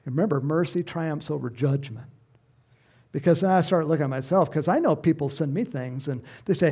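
A middle-aged man preaching a sermon, telling a parable in a lively storytelling way and acting out the voices of the people in it. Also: a little high, normal speed. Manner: animated storytelling, acts out voices, laughs often. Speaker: pastor.

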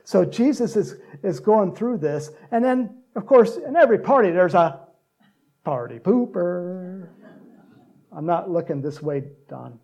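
A man preaching a sermon, joking with the congregation and breaking into loud shouts to act out cheering crowds. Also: high voice, expressive, measured pace, creaky. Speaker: pastor.

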